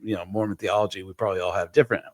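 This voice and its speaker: Man, podcast host, low voice, rambling with fillers, dry close sound. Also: steady tone, very fast, darkish tone, no room sound. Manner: rambling storyteller with many fillers and restarts. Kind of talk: casual conversation.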